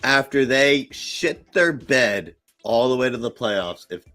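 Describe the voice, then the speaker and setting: Brash joking man with lively pitch. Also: takes it slowly, faint music behind. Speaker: podcast co-host. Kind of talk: casual sports chat.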